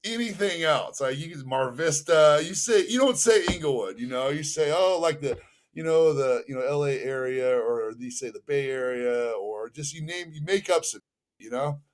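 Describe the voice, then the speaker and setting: A man from the Los Angeles area, a podcast guest telling stories in a casual, animated way, acting out quoted dialogue and using lots of fillers. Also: on the high side, moderate pace. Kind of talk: casual storytelling.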